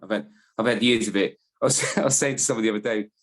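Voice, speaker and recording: A man's voice: on the low side, fast talker. A man in casual podcast chat, telling rambling, self-deprecating stories as a panelist.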